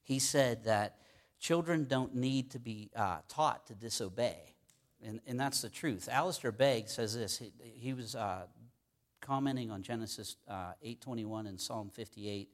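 A man's voice: mid-range voice, unhurried. A man preaching a sermon in a conversational, folksy way, with many fillers and repeated words.

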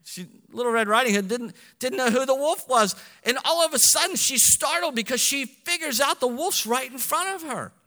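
A man, a pastor, preaching a sermon with animated delivery, swinging between loud and hushed passages. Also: very high voice, normal speed, hardly any pauses, long reverb tail.

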